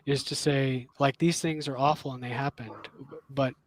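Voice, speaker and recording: A man on a livestream panel, explaining his ideas earnestly with pauses and restarts. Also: medium pitch, steady tone, low-quality recording. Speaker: game designer on a livestream panel. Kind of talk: casual livestream chat.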